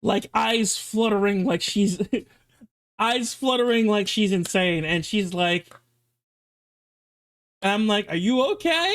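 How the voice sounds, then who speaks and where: Male streamer, high voice, animated casual storyteller. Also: slow pace, long pauses, clean tone. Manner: animated, swearing, exaggerated.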